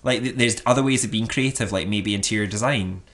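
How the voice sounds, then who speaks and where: A man co-hosting a podcast, chatting in an animated way, laughing often and using lots of fillers. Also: lowish voice, fast. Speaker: podcast co-host. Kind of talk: casual chat.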